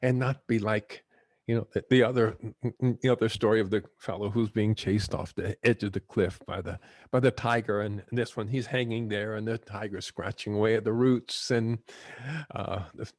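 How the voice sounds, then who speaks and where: A man hosting a guided-imagery talk, a gentle, unhurried storyteller who chuckles as he teaches. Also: on the low side, steady tone, dry recording. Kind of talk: reflective talk with teaching stories.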